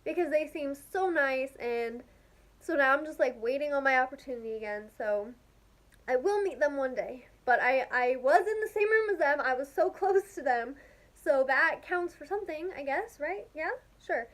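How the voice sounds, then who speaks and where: A young woman with a high voice chats casually to her vlog audience. She gushes with excitement and peppers every sentence with "like". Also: moderate pace. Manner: gushing, excitable, heavy use of "like". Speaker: vlogger. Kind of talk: casual storytelling to camera.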